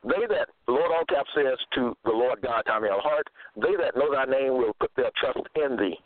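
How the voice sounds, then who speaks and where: A man delivering a self-made religious monologue. He cites scripture references and pauses to search for verses. He repeats his points insistently. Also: mid-range voice, expressive, no room sound. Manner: halting, searching for verses aloud; repetitive, insistent. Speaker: preacher. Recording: narrow phone-like sound, dry.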